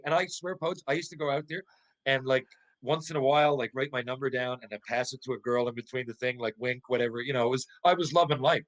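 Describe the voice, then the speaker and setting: A man's voice: fast, rough recording. A middle-aged man, a former pro hockey player, telling a casual anecdote as a podcast guest, swearing freely and tripping over restarts. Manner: lively, profane, stumbling restarts, jumps into high voices for quotes.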